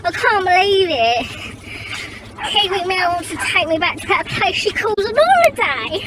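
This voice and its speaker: A woman voicing a sulky, spoiled grown-up female doll that whines and complains in a high, childlike squeak. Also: very animated, moderate pace. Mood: huffy. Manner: whiny and complaining. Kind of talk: toy doll role-play. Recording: loud noisy outdoor recording.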